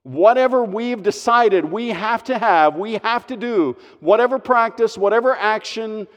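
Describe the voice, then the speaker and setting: Slow, emphatic male preacher in a hall. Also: sits high. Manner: earnest, emphatic preaching with slow stressed phrases. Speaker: pastor. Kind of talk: sermon.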